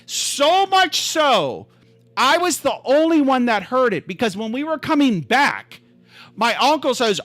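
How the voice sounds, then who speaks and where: A man hosting a live stream, telling a story in an animated, exasperated way, swinging from calm to yelling. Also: extremely high pitch, unhurried, no room sound, faint music behind.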